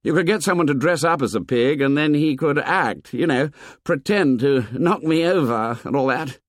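A man's voice: a little high, normal speed, no room sound, clean studio sound, voice pushed up, lightly acted. Man doing a bossy hot-headed boy leader. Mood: defiant. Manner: commanding, shouted orders. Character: bossy hot-tempered schoolboy hunt leader.

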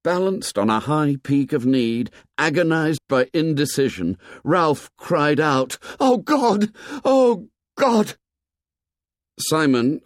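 A man narrating a novel in a measured, expressive storytelling manner. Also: mid-range voice, no room sound, studio quality. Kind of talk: audiobook narration.

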